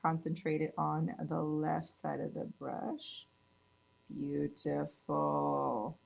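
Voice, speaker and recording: A woman's voice: low-pitched, level tone, slow, gravelly, poor audio. A woman in her thirties from California, chatting upbeat through a casual nail tutorial demo. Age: 30s. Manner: chatty and upbeat, gushes over colors. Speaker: nail tech instructor.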